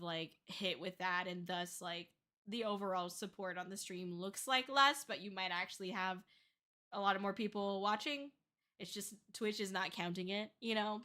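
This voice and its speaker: Bright-voiced young woman streamer, candid. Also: medium pitch. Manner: rambling, candid, many fillers and restarts. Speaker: VTuber streamer. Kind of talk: casual livestream chat.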